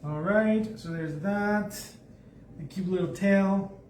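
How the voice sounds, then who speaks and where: A man's voice: high voice, takes it slowly, darkish tone. A man leading a live painting tutorial, chatty and thinking aloud as he paints. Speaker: art instructor. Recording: echoey room, mic at a distance, faint background noise.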